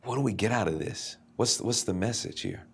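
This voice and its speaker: A man's voice: on the low side, fairly quick, vocal fry, slightly rough. A man, a pastor hosting a show, interviewing a guest, probing and reacting with awe.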